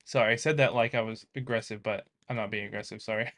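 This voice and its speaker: A man's voice: lowish voice, fairly even intonation, quick pace, a bit bright. A young American man thinking aloud as he writes code, chatting casually with viewers. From United States. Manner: muttering, thinking aloud while coding. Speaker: coding vlogger. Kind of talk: casual live coding chat.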